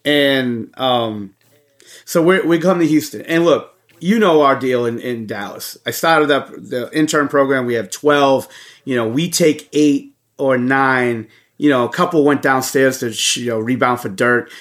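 A man co-hosting a podcast, telling a story in casual chat with heavy swearing and animated energy. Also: medium pitch, a little slow. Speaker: podcast co-host.

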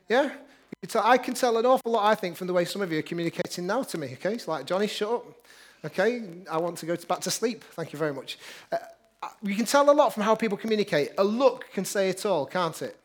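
Pastor, male, higher voice, energetic preaching with banter. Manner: upbeat, joking with the congregation. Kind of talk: lively sermon.

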